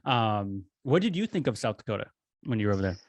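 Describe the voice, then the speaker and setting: A man hosting a podcast, asking loose, relaxed questions with restarts. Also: on the low side, quick pace, no echo. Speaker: podcast host. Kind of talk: casual podcast chat.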